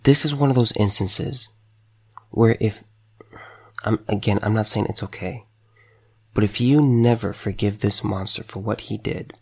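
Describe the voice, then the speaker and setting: Gravelly, halting man near tears. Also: fairly low pitch, a little mellow. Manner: halting and stammering, with many repeated words. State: choked up, fighting back tears. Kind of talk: emotional direct-to-camera commentary.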